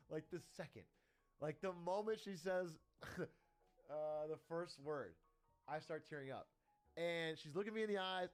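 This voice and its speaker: A young male streamer tells a personal story in a casual, animated way, swearing often and laughing between lines. His voice is fairly high in pitch.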